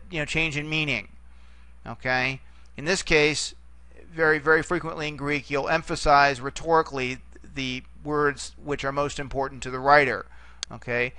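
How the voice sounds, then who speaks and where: A man's voice: a little high, bright, forceful tone, clear, resonant tone. A middle-aged man lecturing on Greek grammar, explaining step by step and checking in with "okay?" again and again. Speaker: Greek teacher. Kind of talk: recorded classroom lecture.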